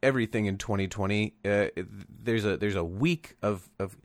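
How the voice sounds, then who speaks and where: A man's voice: on the low side, normal speed, no echo. A man co-hosting a podcast in casual comedic chat, wry and joking, swearing freely. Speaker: podcast co-host.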